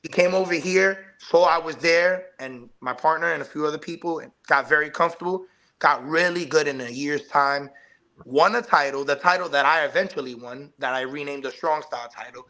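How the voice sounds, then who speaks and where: Bright-voiced man cutting a wrestling promo. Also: fairly high pitch, a little fast. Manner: hype promo delivery, lively and emphatic. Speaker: wrestler guest. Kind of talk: podcast interview. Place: live online show.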